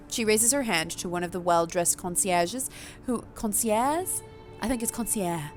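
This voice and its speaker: A woman's voice: mid-range voice, measured pace. Woman, game player, reads story aloud, casual, self-mocking, faint music. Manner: chatty, self-mocking, laughs at herself. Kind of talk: casual game playthrough with read-aloud narration.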